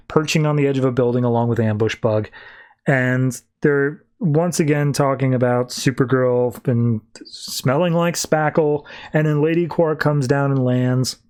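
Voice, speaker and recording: A man hosting a podcast, casually recapping a comic issue with wry asides and quick bits of the characters' lines. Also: mid-range voice. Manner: animated retelling that slips into quick character quotes. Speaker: podcast host.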